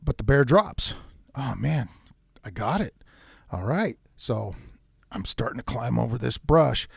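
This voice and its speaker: A man telling a tense first-person hunting story in a casual, animated way, with some mild swearing. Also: medium pitch, vocal fry, no room sound, studio quality. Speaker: outdoors storyteller.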